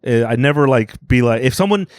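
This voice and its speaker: Male comedy podcast co-host: rambly, grumpy storyteller, mid-pitched voice, dry close sound. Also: animated, fairly quick, dry recording. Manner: rambling storyteller who acts out quotes; grumpy self-declared hater. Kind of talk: casual comedic chat.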